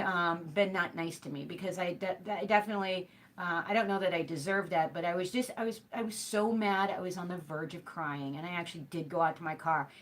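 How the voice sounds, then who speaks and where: Chatty woman host telling a rambling story. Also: mid-range voice. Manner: rambling storytelling with many fillers. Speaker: host of a hooping show. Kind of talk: casual chat to a live stream.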